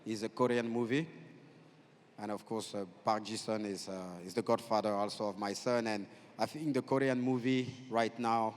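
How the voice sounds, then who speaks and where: A man in his forties with a French accent, telling lively stories as a guest on a festival stage, often halting and restarting. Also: fairly low pitch. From France. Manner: animated storyteller, halting with restarts. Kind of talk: on-stage conversation. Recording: long hall reverb.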